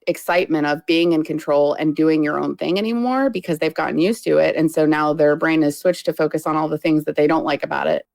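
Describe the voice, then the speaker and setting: A woman's voice: deep voice, vocal fry, a little mellow, no room sound. A woman guest on a podcast talking earnestly and reflectively, giving advice in casual chat.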